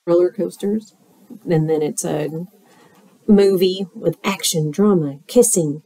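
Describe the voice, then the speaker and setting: A woman teacher reading a picture book aloud to children, expressive and playful, with squeals and sound effects. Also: fairly low pitch, slow pace, dry recording.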